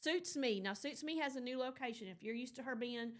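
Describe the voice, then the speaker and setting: Woman morning-show host, chatty and loose, slightly high voice. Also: brisk. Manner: chatty storyteller, rambling with fillers. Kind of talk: casual on-air chat.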